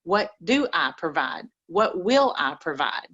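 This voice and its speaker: A woman's voice: lowish voice, big pitch swings, unhurried, fairly bright tone, highs cut off. A woman with an East Texas accent giving folksy, preachy motivational advice on a group call. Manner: folksy, preachy, says y'all.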